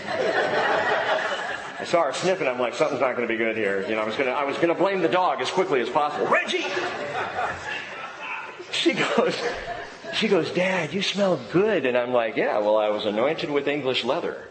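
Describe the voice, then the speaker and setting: A man's voice: medium pitch, a little fast, roomy sound, long reverb tail, a crowd in the background, low-quality recording. A middle-aged man, a pastor preaching a sermon with jokes and family stories.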